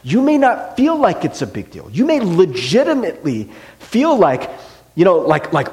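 A man's voice: high-pitched, moderate pace. A middle-aged man preaching a casual sermon as a pastor, conversational with frequent fillers and acted-out quotes. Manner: conversational, animated, many "like" and "right?" fillers, acts out quotes.

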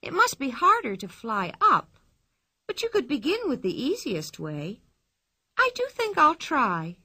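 A bold, cheeky girl in a storybook, chirping her nonsense high and bright as if it were plain fact, as a woman reader puts her on. Her voice jumps about in a lively way and she sounds completely sure of herself. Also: measured pace, heavily acted. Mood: excited. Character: wild, cheerful, boastful girl.

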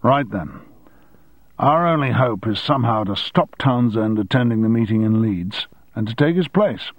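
A man's voice: medium pitch, expressive, normal speed, no echo, highs cut off, natural voice. A man voicing a commanding middle-aged male newspaper boss who gives curt orders.

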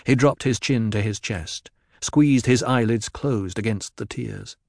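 Measured male narrator, dry close sound. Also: on the low side, creaky, a little mellow, no room sound. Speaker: audiobook narrator. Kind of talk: scripted narration.

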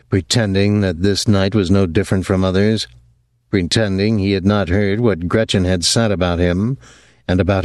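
Low-voiced male audiobook narrator. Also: a little mellow, no echo, studio quality. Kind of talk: scripted narration.

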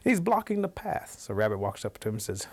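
A male storyteller with a lowish voice recounts an old animal tale. His delivery is relaxed and animated, and he shifts his tone as the story moves along. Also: fast talker. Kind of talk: oral folk storytelling.

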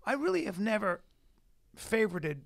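A man's voice: high voice, very animated, moderate pace, gravelly. A man telling crude funny stories in a casual chat, often laughing through them. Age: adult. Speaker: podcast co-host.

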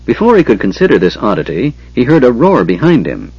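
A man narrating an audiobook with steady, measured storytelling. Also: mid-range voice, slightly rough, no echo, lo-fi sound.

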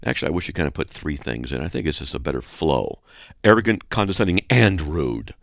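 A man hosting a radio show, reading listener mail aloud with sarcastic, animated commentary and frequent throat clearing. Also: extremely low pitch, brisk, no room sound, clean studio sound.

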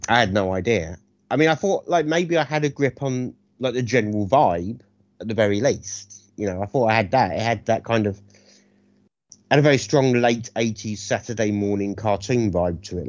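A man co-hosting a film review chat, animated, sarcastic and freely profane. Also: on the low side, dry recording, lo-fi sound. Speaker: podcast co-host reviewing films.

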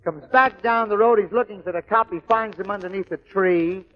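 A comedian telling jokes in punchy, clipped beats, on a lo-fi old radio recording. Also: male voice, high-pitched, normal speed. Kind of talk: joke-telling comedy monologue.

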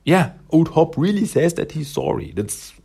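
A man's voice: on the high side, big pitch swings, moderate pace, gravelly, mellow, husky. A man casually recapping a comic issue, rambling with lots of fillers and self-corrections. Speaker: comic book reviewer.

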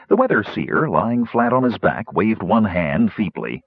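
A man narrating a fantasy story in an expressive reading voice. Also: fairly low pitch, measured pace, no echo. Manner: expressive, voicing many characters. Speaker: audiobook narrator. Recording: dull lo-fi audiobook recording.

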